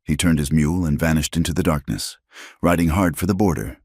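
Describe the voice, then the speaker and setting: Very deep-voiced male story narrator. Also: a little fast, husky, no room sound, clean studio sound. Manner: steady, dramatic storytelling. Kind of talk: scripted narration.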